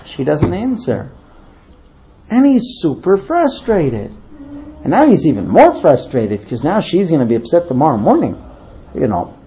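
A woman telling a lively story as part of a talk. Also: sits low, moderate pace, slight background noise. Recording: dull lo-fi recording.

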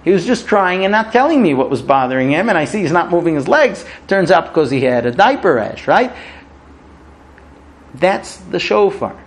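A man's voice: sits high, very animated. A middle-aged man, not a native English speaker, giving an informal sermon full of stories, often stumbling and restarting his sentences. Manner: halting restarts, storytelling, acts out quoted voices.

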